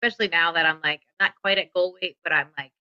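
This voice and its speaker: A woman's voice: lowish voice, fast talker, clean tone, dry recording. Giggly woman guest on a dull line. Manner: chatty, uses "like" a lot, giggly. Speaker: podcast guest. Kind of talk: casual podcast chat.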